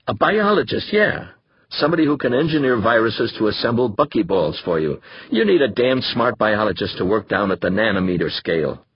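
A bitter, cursing male biologist, as an audiobook narrator puts him on, speaks low and curt. His husky, breathy tone sits close and dry. The sound is a little dull. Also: big pitch swings, brisk, no echo. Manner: curt, swearing, low and tired.

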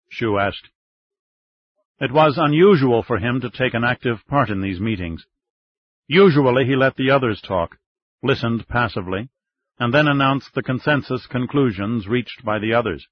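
A man reading a thriller audiobook in a steady, even way, on slightly dull, muffled audio. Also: medium pitch, normal speed. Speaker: audiobook narrator. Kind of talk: scripted thriller narration.

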